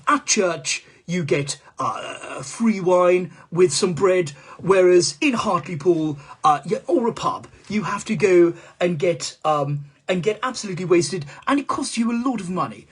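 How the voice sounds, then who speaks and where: A man's voice: high-pitched, animated, moderate pace, few pauses, breathy edge. A male comedian doing a comic impression of a rambling, foul-mouthed male politician in a live-stream monologue, stammering and swearing as he goes.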